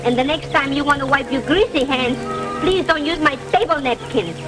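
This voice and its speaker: A woman's voice: sits high, moderate pace, natural voice, rough recording. An actress playing a playful, teasing young woman, in a 1940s film comedy. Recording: old film soundtrack with music.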